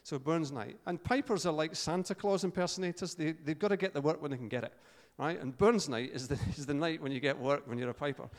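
A man's voice: on the high side, brisk, hardly any pauses. A Scottish man preaching an informal sermon, chatty and joking, with fillers and restarts. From Scotland. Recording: long hall reverb.

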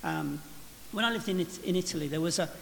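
A man's voice: high-pitched, fast, gravelly. A man preaching a sermon in a church, speaking reflectively and often restarting his phrases. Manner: reflective, with frequent restarts and "you know". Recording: reverberant church hall with faint hiss.

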